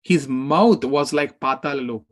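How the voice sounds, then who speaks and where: Unhurried and mid-range in pitch, a male scripture teacher relates an epic with liveliness, delivering the characters' words out loud.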